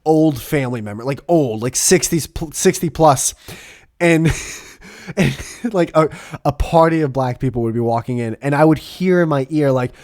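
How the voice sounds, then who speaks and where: A man hosting a podcast in casual chat, animated, laughing often and swearing freely. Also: on the high side, moderate pace. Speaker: podcast host.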